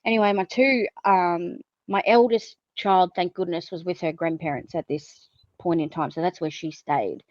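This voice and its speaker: On a podcast, a woman guest recounts her own experiences openly, cursing freely and filling her speech with fillers. Her voice sits on the low side at normal speed, and the recording has no echo and cut-off highs.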